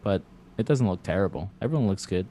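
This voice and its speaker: A man's voice: low-pitched, lively intonation, fast talker, mellow, slight background noise. A man hosting a podcast over a video call, telling a rambling, self-deprecating story from his bedroom with a table mic. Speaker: podcast host. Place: cluttered bedroom at home. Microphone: clamp mic on a table.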